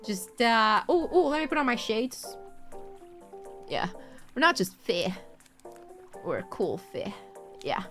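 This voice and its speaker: A high, bright-voiced woman streaming to her viewers, chatting playfully. She laughs often and drops a curse here and there. Soft music plays faintly behind her. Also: very animated, slow, pauses often. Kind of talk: casual chat with viewers.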